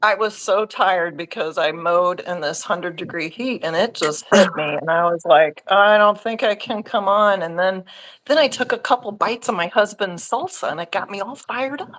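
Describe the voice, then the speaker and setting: A woman's voice: lowish voice, normal speed, fairly bright tone, poor audio. A middle-aged woman from Missouri, a giggly, chatty guest on a casual livestream.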